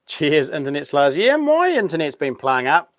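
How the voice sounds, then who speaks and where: A man's voice: a little high, big pitch swings, moderate pace, fairly bright tone, no echo. A man with a New Zealand accent hosting a casual live stream, chatting in a laid-back, rambling way with plenty of ums.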